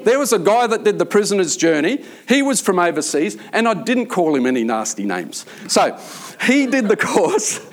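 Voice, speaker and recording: Man, slightly high pitch, earnest, rambling, lots of fillers, informal faith talk. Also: big pitch swings, normal speed, hardly any pauses. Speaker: prison chaplain.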